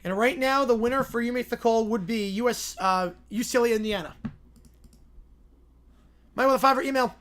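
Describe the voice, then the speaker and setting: A man hosting a sports livestream, chatting casually with quick, offhand asides. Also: very high-pitched, a bit bright. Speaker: livestream host.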